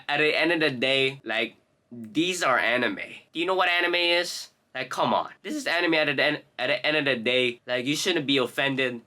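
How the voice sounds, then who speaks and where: Blunt, rambling young man with a bright voice. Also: medium pitch. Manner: rambling, blunt and profane, self-correcting. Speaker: anime commentator. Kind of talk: casual rant to camera.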